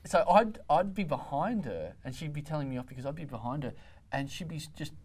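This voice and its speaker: A man, a comedian on a panel, telling an animated story in casual chat and acting out the quotes himself. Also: a little high, fairly quick, slightly rough.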